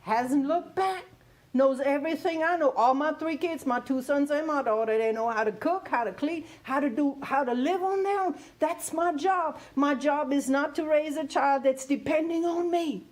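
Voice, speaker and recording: A woman in her fifties with a high voice talks frankly about family and identity on a talk show. She laughs easily and keeps checking in with her listener. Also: moderate pace, a little mellow. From Germany. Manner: candid, laughing, repeats "you hear what I'm saying".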